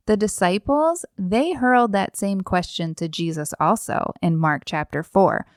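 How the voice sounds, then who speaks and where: A woman's voice: mid-range voice, no echo, studio quality. A middle-aged woman hosting a devotional podcast, speaking in an earnest, reflective way with rhetorical questions and repeated phrases. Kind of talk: devotional talk.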